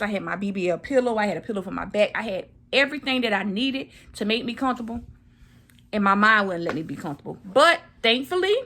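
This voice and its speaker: Bright-voiced woman telling her story. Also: medium pitch. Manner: animated, repeats phrases for emphasis. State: recovering from surgery. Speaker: vlogger. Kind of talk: casual storytelling to camera.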